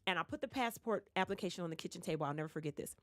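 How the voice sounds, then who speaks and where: A woman's voice: rapid-fire, dry recording, studio quality. A woman with a Detroit accent, a singer, telling stories in a casual radio interview and acting out the voices of the people she quotes. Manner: animated storyteller, acts out quoted voices with big pitch jumps. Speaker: guest singer. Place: radio studio. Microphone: studio microphone.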